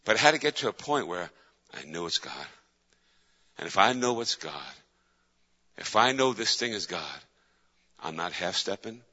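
Bright-voiced man preaching in an echoey hall. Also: on the low side, lively intonation, moderate pace. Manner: emphatic, repetitive preaching. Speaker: pastor. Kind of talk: sermon. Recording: echoey hall, dull lo-fi sound.

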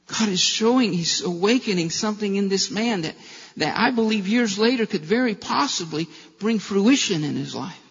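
A man's voice: sits high, expressive, moderate pace, slightly rough. A male pastor preaching a sermon with impassioned delivery and rhetorical questions, in a church. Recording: long hall reverb, dull lo-fi sound.

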